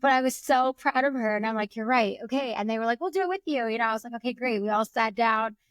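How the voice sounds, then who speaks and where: A woman's voice: on the high side, flat delivery, quick pace, a bit bright, clean tone, dry recording. A woman in her thirties, a breathwork coach as a podcast guest, talking in a casual, chatty way full of "you know" and "like". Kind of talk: casual conversational interview.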